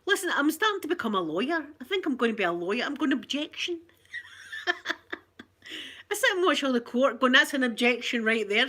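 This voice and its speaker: Speaking in a slightly high, fairly bright voice, a Scottish woman who hosts a channel talks to her viewers by phone. She rambles casually and laughs a lot.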